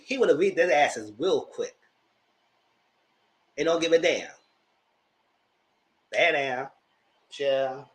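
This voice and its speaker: A man's voice: on the high side, animated, takes it slowly, pauses often. A man giving a casual, sassy live review of reality TV, slangy and acting out the cast's lines as he goes. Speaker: TV reality show commentator.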